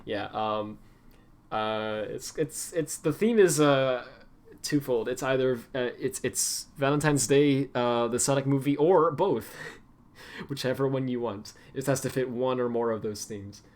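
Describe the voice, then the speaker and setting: Guy streamer rambling casually, lots of ums, mid pitch. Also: a little slow, darkish tone. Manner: rambling, many fillers and restarts.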